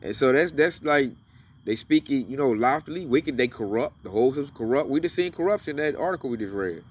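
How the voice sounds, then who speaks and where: A man's voice: medium pitch, animated, a little fast, husky, recorded from a distance. A man giving casual, emphatic commentary on scripture, reading verses aloud and then riffing on them. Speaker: religious commentator.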